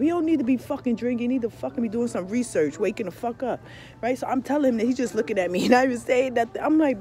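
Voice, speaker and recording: A woman ranting loudly and profanely in a casual vlog, telling an animated story. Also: a little high, quick pace. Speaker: tarot vlogger. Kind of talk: casual rant to camera.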